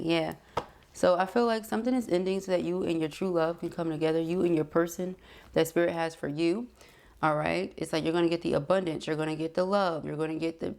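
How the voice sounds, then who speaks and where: A woman's voice: lowish voice, darkish tone. A woman giving a casual, reassuring tarot reading who talks to the listener as beloved and honey. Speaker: tarot reader.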